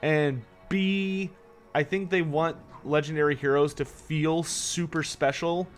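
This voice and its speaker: A man's voice: fairly high pitch, steady tone, measured pace, soft background music. A man streaming a strategy game live, chatting casually, answering viewers' questions and sounding tired. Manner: chatty, answers chat questions, swears when annoyed. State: tired, yawning. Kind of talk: casual live-stream commentary while playing.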